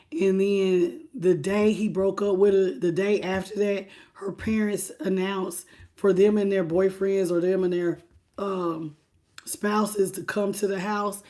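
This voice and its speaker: Animated woman doing a tarot reading. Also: mid-range voice. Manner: animated, talks straight to the viewer and greets chat by name; repeats phrases for emphasis. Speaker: tarot reader.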